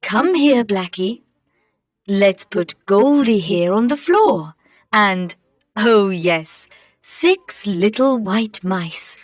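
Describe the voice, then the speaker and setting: Brief: kind fairy godmother, slow and soothing, dry close sound, read by a woman. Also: medium pitch, slightly rough, no room sound, exaggerated voice. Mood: gentle. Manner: calm, slow, reassuring.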